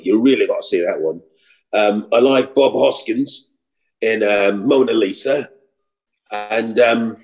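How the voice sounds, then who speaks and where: Middle-aged New comic, chatty, animated raconteur. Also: male voice, lowish voice, gravelly, poor audio. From New York. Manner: animated storyteller, slips into mock British voices. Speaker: actor and comedian guest. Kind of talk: casual interview chat.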